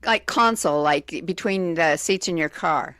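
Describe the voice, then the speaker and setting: A woman's voice: lowish voice, a little slow, fairly bright tone, no echo. A woman co-hosting a morning radio show, reading trivia questions hesitantly with many fillers in a radio studio.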